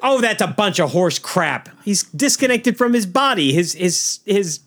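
A man's voice: high voice, expressive, measured pace, a bit bright. A man co-hosting a podcast, talking in casual movie-review chat with a ranting, exasperated manner. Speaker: podcast co-host.

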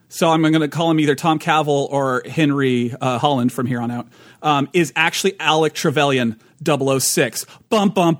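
A fairly high-pitched man, recorded dry, co-hosts a tabletop gaming podcast in a casual, rambling way, often laughing and restarting his sentences.

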